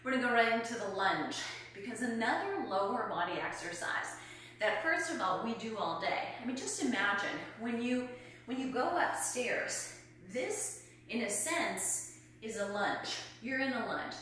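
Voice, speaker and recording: A woman's voice: a little high, expressive, moderate pace, a bit bright, a little hiss or hum. A woman in her fifties, a fitness coach, demonstrating exercises at home as she talks, a little out of breath. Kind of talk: instructional exercise video. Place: room at home. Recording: echoey room from far off.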